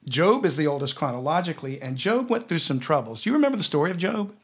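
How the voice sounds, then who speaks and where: A man with a Southern US accent leads a relaxed Bible lesson. His voice sits a little higher than most men's. He tells the stories in an easy, chatty way and slows down when he reads scripture. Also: breathy edge. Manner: storytelling, slows down to read scripture. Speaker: Bible teacher.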